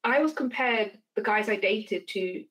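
A woman's voice: medium pitch, measured pace, rough recording. A woman hosting a podcast, telling personal stories in casual chat with frequent laughs. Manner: animated storyteller, laughs often. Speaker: podcast host.

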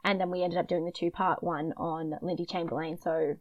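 A woman's voice: flat delivery, a little fast, lo-fi sound. Chatty Queensland-accented woman podcaster. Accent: Australian, Queensland. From Queensland, Australia. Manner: chatty, enthusiastic, drops to a low murmur when telling stories. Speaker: podcast co-host. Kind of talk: casual chat.

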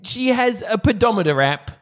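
A man's voice: high voice, expressive, normal speed. A man hosting a podcast in casual chat, playful and jokey. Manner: playful, jokey, mock-stern with kids. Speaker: podcast host.

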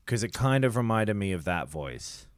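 Male podcast co-host, low and smooth, casual recap chatter, dry close sound. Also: sing-song, dry recording. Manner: swears freely, recaps scenes in quick paraphrase.

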